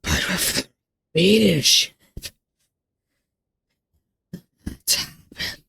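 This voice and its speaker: A man putting on a gravelly, hissing voice to read the lines of an arrogant, preachy ancient male ruler in a video game. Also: high-pitched, wildly swooping pitch, slow, pushed and bright, pitched above the performer's own voice, full character voice. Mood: menacing. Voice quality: gravelly strained put-on voice. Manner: hissing half-whispered villain delivery. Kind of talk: reading game dialogue aloud in character.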